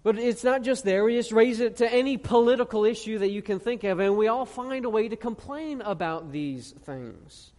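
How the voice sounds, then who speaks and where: High-voiced preacher in a reverberant hall. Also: male voice, expressive, a little mellow. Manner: earnest preaching with rhetorical questions and slow emphatic scripture reading. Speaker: pastor. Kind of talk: sermon. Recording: long reverb of a large hall.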